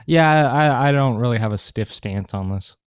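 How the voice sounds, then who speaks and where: A man's voice: mid-range voice, normal speed, smooth, no room sound, clean studio sound. A man co-hosting a podcast, chatting casually in a rambling, profane, joking way. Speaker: podcast co-host.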